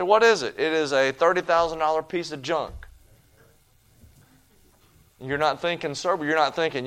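A man preaching a sermon in a church, folksy and animated, with homespun asides. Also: fairly high pitch.

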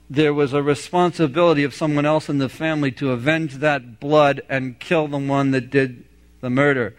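A man preaching an expository sermon, reading scripture aloud and commenting on it with emphasis. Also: fairly high pitch.

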